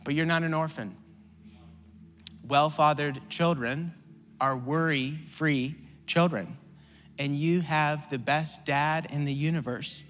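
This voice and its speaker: A pastor with a voice on the high side preaches slowly and steadily in a hall with long reverb. He repeats phrases and calls for the congregation to answer, moving between rising, shouted appeals and quiet storytelling.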